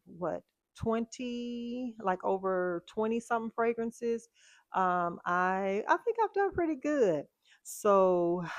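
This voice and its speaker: Chatty woman, lowish voice. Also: no echo. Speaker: fragrance vlogger. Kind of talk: casual chat.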